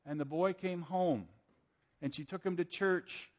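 A man preaching to a group of men, telling a story in a lively way and acting out the people in it. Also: high voice, a little slow. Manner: animated, acts out the people in his story. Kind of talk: storytelling sermon.

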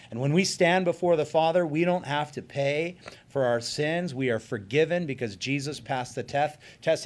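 A male pastor giving an earnest sermon, slowing down to stress key points. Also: mid-range voice. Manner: earnest, emphatic preaching with slowed stresses.

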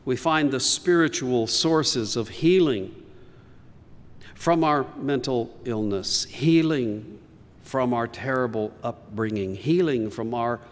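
Slow-preaching man in a reverberant hall. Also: mid-range voice. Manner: slow, earnest preaching with emphatic rises. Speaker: pastor. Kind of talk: sermon.

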